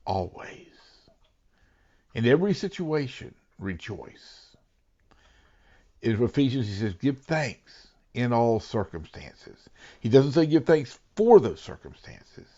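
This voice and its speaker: A male pastor giving an earnest sermon, dropping to hushed whispers and then rising to emphatic, raised lines. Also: on the low side, muffled recording.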